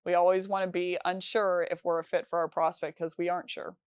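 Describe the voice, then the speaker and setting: A woman's voice: on the low side, level tone, a little fast, clean tone, dry recording, clean studio sound. A woman teaching sales calls in a conversational, instructional talk, with frequent fillers and restarts. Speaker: sales trainer.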